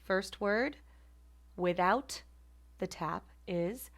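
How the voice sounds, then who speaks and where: A woman teaching a phonetics class, repeating example words slowly and carefully. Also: lowish voice. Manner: careful, deliberate word repetition. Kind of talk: slow online pronunciation lesson.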